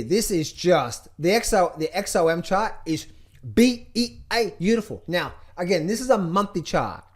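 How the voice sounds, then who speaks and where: High-voiced, playful trading coach. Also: male voice. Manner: energetic, repetitive, playful sing-song chanting. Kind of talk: casual market commentary over charts.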